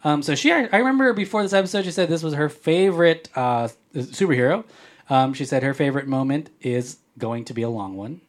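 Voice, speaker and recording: A man's voice: a little high, lively intonation, a little fast. A man hosting a casual podcast, joking around and reading listener comments aloud in a playful way. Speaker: podcast host.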